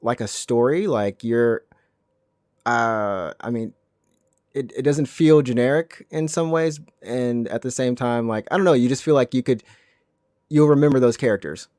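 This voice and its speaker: A man's voice: medium pitch, a little mellow, no room sound. Man co-host asking questions, dry sound. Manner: asks questions, quick short backchannels. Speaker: podcast co-host. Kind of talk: casual chat about video games.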